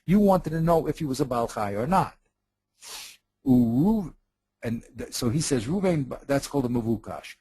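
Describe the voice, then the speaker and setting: A man's voice: medium pitch, animated, moderate pace, mellow, breathy edge, no room sound, poor audio. A man teaching in a study session, patiently explaining a text, repeating himself and checking that his partner follows.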